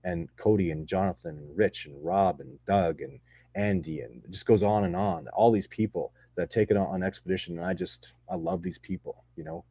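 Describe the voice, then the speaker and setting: A man's voice: sits low, vocal fry, warm tone, slightly rough, no echo. A man answering viewer questions in a casual live chat, rambling and enthusiastic with many restarts. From not from Texas.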